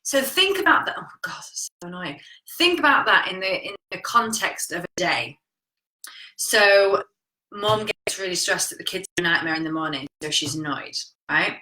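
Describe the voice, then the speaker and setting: A woman's voice: mid-range voice, animated, moderate pace, sharp tone, reverberant, rough recording. A woman coaching viewers on relationships and communication in a frank, chatty live talk, swearing casually. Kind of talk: live-streamed talk reading viewer comments.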